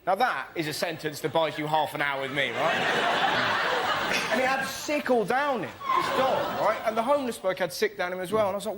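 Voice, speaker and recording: A man doing energetic stand-up on a panel show, breaking into loud impressions in front of a studio audience. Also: sits high, normal speed, very noisy. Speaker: comedian.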